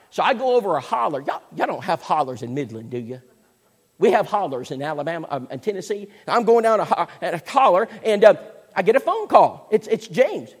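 A man, preaching a sermon as a folksy, animated storyteller. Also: high voice, brisk, breathy edge. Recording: echoey hall with long reverb.

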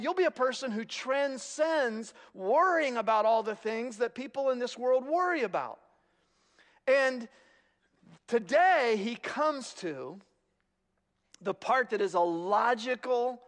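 A man preaching a sermon, telling stories with animated, wry humor. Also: high-pitched, in a large hall. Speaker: pastor.

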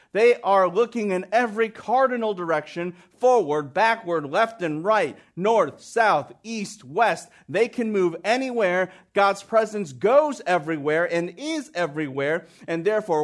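A man preaching a sermon, stressing key points by repeating phrases. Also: sits high.

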